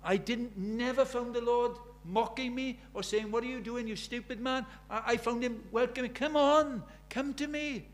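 Earnest older male preacher, high voice. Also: steady tone, normal speed, few pauses. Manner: earnest, swinging between soft and emphatic, acts out quoted prayers. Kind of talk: sermon.

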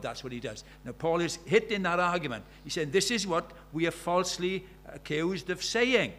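A man preaching a sermon, animated and rhetorical, asking the congregation questions and acting out the voices he quotes. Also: high voice, moderate pace, few pauses.

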